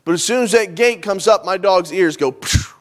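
A pastor preaching a sermon in a church sanctuary, talking conversationally and pausing for emphasis. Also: male voice, sits high.

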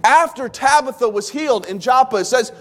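A man's voice: very high-pitched, lively intonation, a little fast, a bit bright. A man in his thirties preaching a sermon in church, telling the story with animation and acting out the voices of the people he quotes. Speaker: pastor.

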